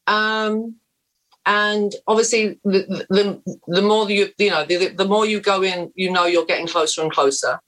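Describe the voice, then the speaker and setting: A woman from England in her fifties, a guest actress, telling blunt, lively, self-deprecating stories in a candid chat. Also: on the low side, poor audio.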